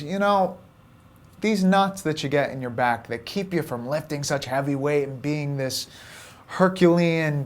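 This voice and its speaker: A young man with a somewhat raised voice tells a personal story in an easy, chatty vlog manner. He is candid and talkative, and sometimes drops to a soft whisper. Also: on the high side. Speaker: vlog host. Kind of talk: casual storytelling monologue.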